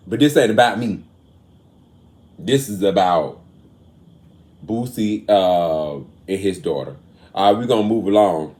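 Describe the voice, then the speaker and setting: A man hosting a casual commentary show, earnest and emotional, moving between raised and quiet talk. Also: deep voice, lively intonation, unhurried, pauses often. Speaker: show host. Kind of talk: casual commentary on celebrity news.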